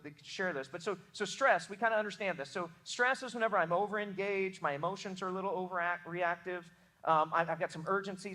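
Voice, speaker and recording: A young adult pastor with a Southern American accent, preaching a sermon in an earnest, emphatic way, often restarting words. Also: male voice, high-pitched, bright, forceful tone.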